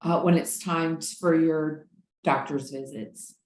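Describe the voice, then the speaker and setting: A woman moderating a webinar panel, moving things along with short, inviting questions. Her voice is fairly low and carries a roomy echo. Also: fairly even intonation, slow, a little mellow.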